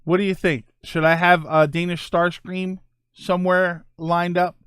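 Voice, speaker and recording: Streamer host, a man in his forties, a bit high-voiced, chatty and excitable, recorded close and dry. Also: unhurried, smooth, no room sound. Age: 40s. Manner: rambling, enthusiastic, laughs often. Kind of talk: casual livestream chat.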